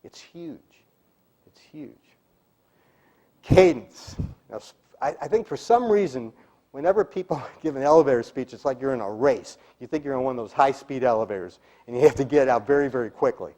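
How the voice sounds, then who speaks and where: A middle-aged man with a mellow, warm voice coaches a room of listeners on speaking skills. He talks emphatically, stressing key words and showing each point by example. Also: mid-range voice, lively intonation, brisk. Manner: emphatic, demonstrates delivery, drops to a whisper for effect. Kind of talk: live seminar talk to a group.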